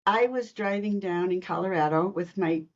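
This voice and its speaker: Lively storytelling woman, muffled audio. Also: lowish voice, moderate pace. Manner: lively storyteller, laughs between lines. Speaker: guest, intuitive reader. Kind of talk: personal storytelling in a podcast interview.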